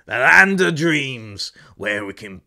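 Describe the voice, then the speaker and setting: A man putting on a Scottish accent to voice a proud Scotsman, drawn-out and slow. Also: mid-range voice, sing-song, creaky, pushed and bright, voice pushed up, heavily acted. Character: proud Scottish man boasting about home.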